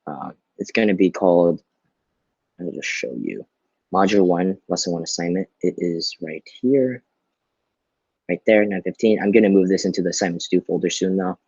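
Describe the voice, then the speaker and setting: A man's voice: low-pitched, normal speed, gravelly, darkish tone, breathy edge, dry recording, lo-fi sound. A male teacher giving a recorded online lesson, explaining patiently and often checking in with "right?".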